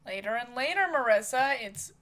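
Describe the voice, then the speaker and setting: A woman's voice: a little high, expressive, moderate pace, fairly bright tone. A woman voicing an irritated male office worker who answers in curt, exasperated lines.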